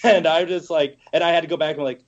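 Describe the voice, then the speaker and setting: A man's voice: a little high, fairly even intonation, fast talker. Hesitant man telling an anecdote. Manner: hesitant, lots of uh fillers. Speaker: co-host. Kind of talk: casual podcast chat. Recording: dull lo-fi audio.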